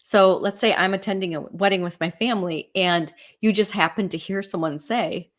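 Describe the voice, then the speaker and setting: A woman's voice: mid-range voice, moderate pace. A middle-aged woman from the Midwest US, a real estate agent, teaching in a casual, chatty way and telling stories with frequent "right?" and "you know" asides.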